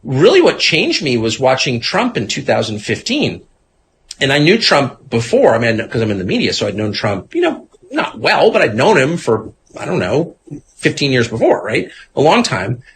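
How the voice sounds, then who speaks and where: A man in his fifties, talking as an interview guest in a sardonic, animated way and mimicking other people as he goes. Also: medium pitch, moderate pace, slight background noise. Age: 50s. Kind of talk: casual conversation.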